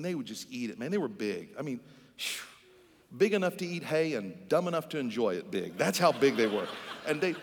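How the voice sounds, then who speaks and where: A man in his sixties preaching a sermon, telling folksy stories and building to loud, emphatic exhortation. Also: medium pitch, husky, in a large hall. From Netherlands.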